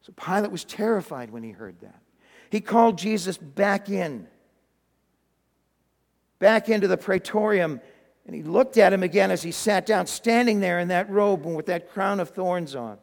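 A man with a fairly high voice delivers a sermon in a church, telling the story dramatically and restarting phrases as he goes. His voice rings with the long reverb of a large hall. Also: animated, moderate pace. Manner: dramatic storytelling with acted quotes, frequent restarts. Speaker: pastor. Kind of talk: sermon retelling a Bible story.

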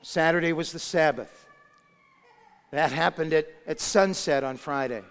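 High-voiced preacher in a reverberant hall. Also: male voice, a little slow, clear, resonant tone. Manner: dramatic retelling with shifts between hushed and shouted lines. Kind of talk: sermon storytelling.

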